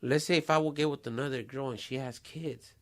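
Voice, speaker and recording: A man in his forties hosts a casual podcast conversation. He talks in loose street slang, drops Spanish phrases and swears freely, in a middle-pitched voice. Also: fairly even intonation, brisk. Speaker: podcast host.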